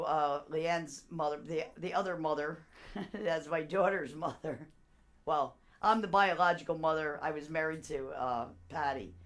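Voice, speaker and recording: Rambling woman chatting on a live stream. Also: sits low. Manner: rambling, laughs often. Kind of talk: casual live stream chat with viewers.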